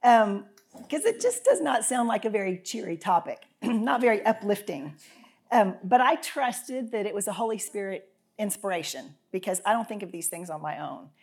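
A woman giving a casual, folksy devotional talk as a podcast host, often clearing her throat. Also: medium pitch, normal speed, darkish tone. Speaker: podcast host and Bible teacher.

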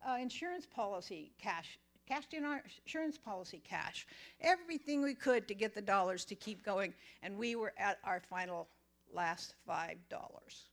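An older woman sharing a personal faith testimony as a chatty, animated storyteller. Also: medium pitch, moderate pace. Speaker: church member giving testimony.

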